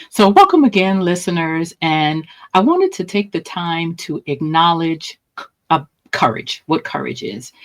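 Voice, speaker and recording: A woman hosting a podcast, who opens calmly and invites her guest to share her story. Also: low-pitched, rough recording. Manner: calm, unhurried, with some restarts. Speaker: podcast host.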